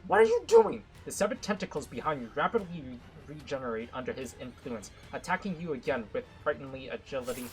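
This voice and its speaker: Man, mid pitch, bright and forceful, reads game text dramatically and riffs jokingly between lines. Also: quick pace, hardly any pauses, faint music behind, rough recording. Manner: dramatic narration broken by excitable, joking asides. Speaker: gaming content creator. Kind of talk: reading a visual novel aloud with commentary.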